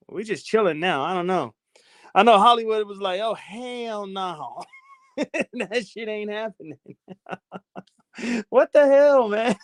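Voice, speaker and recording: A man's voice: high-pitched, fairly bright tone, dry recording, studio quality. A middle-aged man casually chatting on a phone live stream while walking around his house, loose and profane, laughing often.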